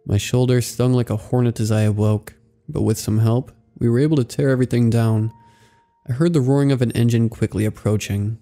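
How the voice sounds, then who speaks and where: A man reading a scary story aloud in a measured, somber storytelling manner. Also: medium pitch, steady tone, warm tone. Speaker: narrator. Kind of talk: scripted horror story narration. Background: faint music.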